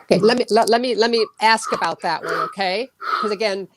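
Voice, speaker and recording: A woman's voice: medium pitch, a little fast, a crowd in the background. A woman interviewing in a casual discussion, asking hesitant questions with many restarts.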